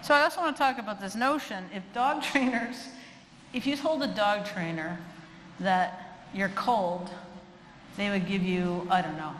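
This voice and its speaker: A woman lecturing to an audience in a big hall, her voice ringing with a long echo. She is lively and funny, and she slips into little acted-out voices to make her points. A faint room hum sits behind her. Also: mid-range voice, normal speed. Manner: animated, acts out quoted voices with humor. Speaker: animal behavior lecturer. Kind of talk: humorous live lecture.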